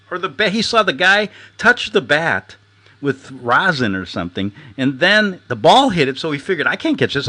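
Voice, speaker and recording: A middle-aged man hosting a show, ranting and telling stories casually, acting out quotes and laughing often. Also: high voice. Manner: animated, storytelling, laughs often, acts out quotes. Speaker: host.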